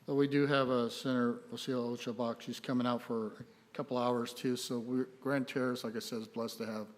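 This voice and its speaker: A man running a city council meeting as mayor, relaxed and folksy, cracking small jokes. His voice rings out in a reverberant council chamber through a desk microphone. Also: mid-range voice, fairly quick. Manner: friendly, joking, folksy. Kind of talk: chairing a public meeting, casual asides.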